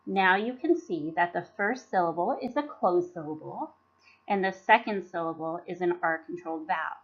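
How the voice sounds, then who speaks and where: A woman's voice: lowish voice, lively intonation, normal speed. A woman giving a scripted teaching presentation, carefully sounding out syllables and words. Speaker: teacher presenting professional development. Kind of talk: scripted instructional narration. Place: voice-over for slide presentation. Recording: dull lo-fi recording.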